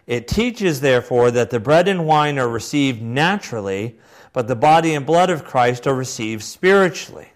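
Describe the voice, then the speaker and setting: A man reads in the part of a solemn elderly Victorian bishop with a put-on English accent. The voice rises well above his usual pitch and the pace slows, so each phrase sounds grave and declaimed. The tone stays steady and formal. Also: lightly acted. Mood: solemn declaiming. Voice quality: slow, raised, declaiming reading voice.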